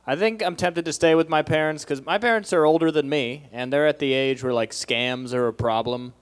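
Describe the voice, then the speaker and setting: Dry young male comic, smooth voice. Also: a little high, fairly quick. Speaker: stand-up comedian. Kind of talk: stand-up comedy set. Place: comedy club stage.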